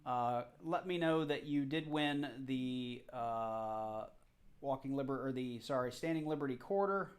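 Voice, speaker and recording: A man's voice: medium pitch, measured pace. A man hosting a casual live stream, chatty and a bit flustered, apologizing as he goes. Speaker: livestream host.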